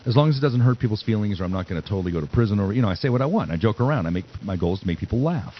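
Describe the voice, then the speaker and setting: A man's voice: lowish voice, lively intonation, very fast, lo-fi sound, background noise. A man in his fifties hosting a casual podcast chat, a sarcastic joker telling stories. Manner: joking, sarcastic storyteller. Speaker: podcast host.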